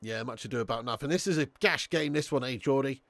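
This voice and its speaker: A man hosting a live football watch-along stream, chatting with viewers, swearing and getting excitable. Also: medium pitch, fast, dry recording.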